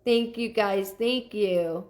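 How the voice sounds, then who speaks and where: Female medium, live-stream host, casual and halting, greets viewers by name. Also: medium pitch, a little mellow. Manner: thanks viewers by name and relays messages in a searching, halting way.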